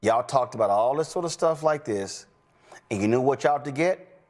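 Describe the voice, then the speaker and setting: A man at an ordinary pitch, heard in a clip played on the show. He scolds his listeners in a blunt, accusatory tone, listing their faults one after another. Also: animated, moderate pace, a little mellow.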